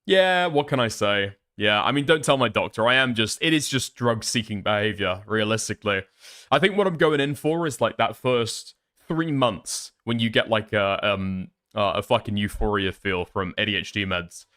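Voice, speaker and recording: A man's voice: fairly low pitch, moderate pace, sharp tone. A man chatting casually and rambling on a live stream, swearing often. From northern England.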